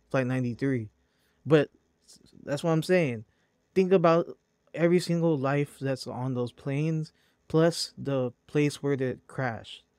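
A man's voice: mid-range voice, darkish tone, no room sound, clean studio sound. A man hosting a podcast, ranting bluntly and profanely, calling his target "bro". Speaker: podcast host. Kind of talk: heated podcast rant.

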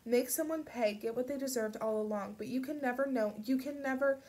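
A woman voicing a shaken teenage girl whose voice is gravelly and raw, speaking haltingly and urgently. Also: high-pitched, a little mellow, voice pushed up, lightly acted.

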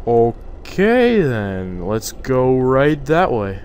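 A young man narrates his horror game run in an easy, drawn-out way, mid-pitched and casual. He mocks the scares, swears freely and chats to the monsters. A light noise floor sits under the voice. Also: sing-song, darkish tone. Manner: jokey, swears a lot, talks to game figures. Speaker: gaming YouTuber. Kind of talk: horror game let's play commentary.

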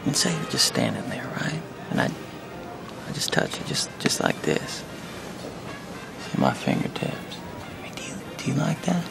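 An actor playing a smooth, confident man seducing a woman, speaking in a slow, low, half-whispered way, from a film clip. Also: huge pitch swings, full character voice. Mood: seductive. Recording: film clip with music underneath. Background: film score music.

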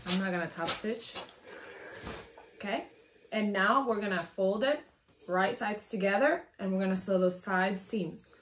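A woman in her thirties with a sore, strained throat, chatting casually through a home sewing tutorial with lots of "um"s and side stories. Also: medium pitch. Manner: chatty and rambling, many "um"s and asides. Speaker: sewing pattern designer demonstrating a project. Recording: echoey room.

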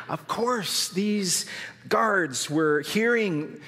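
A man's voice: high voice, lively intonation, drawn-out words, a bit bright, breathy edge. A man preaching a sermon as pastor, telling stories and rising to fervent emphasis. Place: church hall. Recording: long hall reverb.

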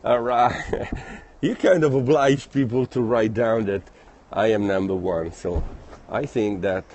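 A man with an Italian accent, chatting casually in a live stream while walking outdoors through city streets. He reads viewer comments aloud and speaks in a friendly, halting way. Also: on the low side, a little mellow, slight background noise. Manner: friendly, chatty, halting non-native phrasing.

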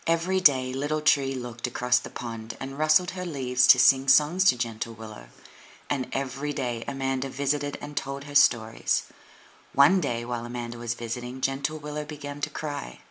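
A woman narrating a children's storybook in a gentle, unhurried way. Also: rumbling low, a little hiss or hum, low-quality recording. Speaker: storybook reader.

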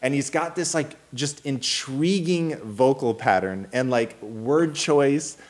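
Man, thirties, co-host, casual storytelling, swears, acts out quotes, lively. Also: mid-range voice, slow pace.

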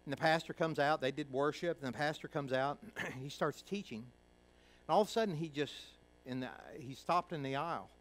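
A man's voice: on the high side, moderate pace, poor audio. Folksy preacher man telling a story. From Kentucky. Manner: folksy, acts out quoted voices, swings from hushed to loud. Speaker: pastor. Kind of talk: sermon storytelling.

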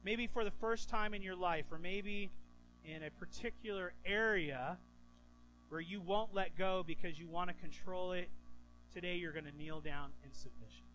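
A man in his thirties, a pastor preaching a sermon, telling stories with lively restarts and stammers. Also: high voice, normal speed, soft background music, rough recording. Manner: animated storytelling, stammering restarts.

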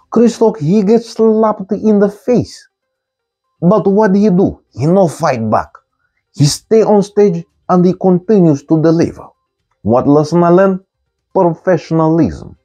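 High husky man in broken English. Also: dark tone. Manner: simple broken-English grammar, repeats key words. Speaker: comic commentator. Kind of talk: comic monologue in broken English.

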